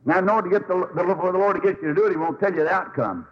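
A man preaching a sermon as a Baptist preacher, telling stories in a folksy, animated way with sudden high swoops. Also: racing, few pauses, slightly rough, highs cut off.

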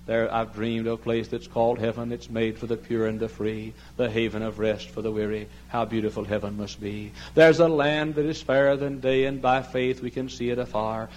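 An older man preaching a sermon, swinging from soft pleading to loud impassioned cries, sometimes drifting off the mic. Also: mid-range voice. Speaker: pastor. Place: large church sanctuary.

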